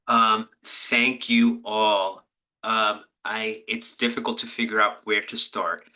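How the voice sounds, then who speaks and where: Bright-toned halting male moderator. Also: lowish voice, little pitch movement, low-quality recording. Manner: halting, many fillers and restarts, courteous. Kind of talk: panel moderation.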